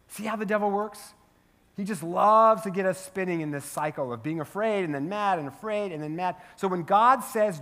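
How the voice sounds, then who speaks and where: High-voiced man preaching a sermon. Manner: storytelling, animated, asks the crowd "right?". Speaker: pastor. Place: church sanctuary.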